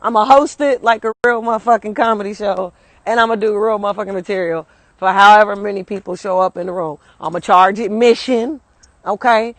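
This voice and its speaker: A woman's voice: mid-range voice, fairly even intonation, a little fast, no echo. A woman telling a candid, slangy story in a casual vlog while walking up a hill, recorded on a phone outdoors. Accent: Caribbean American English. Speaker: vlogger. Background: street and vehicle noise.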